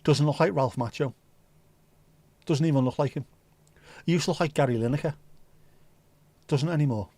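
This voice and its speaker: A man's voice: on the high side, moderate pace, long pauses, warm tone, no room sound. A man hosting a livestream, rambling and swearing casually as he answers viewers' comments. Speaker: livestream host. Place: home livestream setup.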